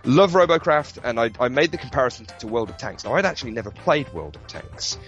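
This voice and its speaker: A man's voice: medium pitch, fast talker, highs cut off, faint music behind. A man chatting casually about video games on a podcast, telling stories with lots of swearing and laughter. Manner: animated storytelling with swearing and laughter. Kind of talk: casual gaming chat.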